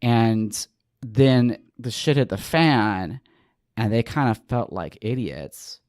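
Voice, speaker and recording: A man hosting a podcast, talking in a relaxed, chatty way and spinning stories with a wry edge. His voice sits at an ordinary middle pitch. The sound is close and dry, with no room around it. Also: takes it slowly, no room sound. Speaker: podcast host. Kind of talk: casual podcast chat.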